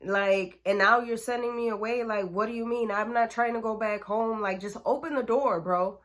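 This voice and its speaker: A woman's voice: on the high side, moderate pace, a bit bright, close to an everyday voice. A woman playing her brash teenage self. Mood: pushy. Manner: pushy, slangy, raised voice. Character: brash naive fifteen-year-old girl hothead.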